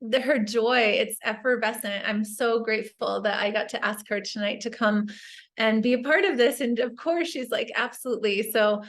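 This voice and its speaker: Higher-voiced woman hosting a video call. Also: moderate pace, a bit bright. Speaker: host. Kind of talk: casual chat on a video call.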